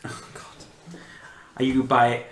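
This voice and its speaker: A man at mid pitch, running a tabletop game in a loose, halting way with plenty of fillers. His voice bounces around an echoey room. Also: monotone. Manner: casual, halting, many fillers. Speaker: game master.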